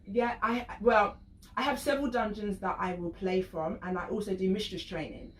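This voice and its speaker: A woman working as a professional dominatrix, a guest on a radio show, telling stories in casual chat, animated and laughing often. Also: mid-range voice, normal speed, roomy sound, recorded from a distance. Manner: animated storyteller, laughs often, acts out voices.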